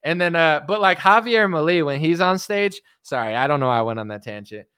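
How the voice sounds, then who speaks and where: Male political streamer; casual sarcastic rant, lots of filler, slightly high voice, dry close recording. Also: expressive, brisk, sharp tone, smooth, dry recording. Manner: rambling, sarcastic, heavy filler "like".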